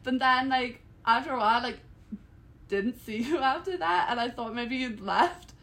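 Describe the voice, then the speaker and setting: A young woman in her twenties co-hosts a casual podcast, her voice sitting a little high. She tells stories in a relaxed, meandering way, full of fillers and quick laughs. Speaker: podcast co-host. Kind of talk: casual chat.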